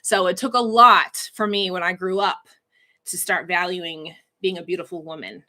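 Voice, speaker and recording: A woman's voice: fairly low pitch, moderate pace, sharp tone. A woman hosting a casual livestream announcement, emotional and laughing as she chokes up reading comments. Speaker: livestream host, coach.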